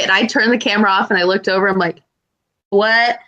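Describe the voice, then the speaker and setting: A young woman co-hosting a podcast, telling stories in an animated way with loud outbursts and lots of swearing. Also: medium pitch, moderate pace, long pauses. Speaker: podcast co-host. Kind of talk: casual chat.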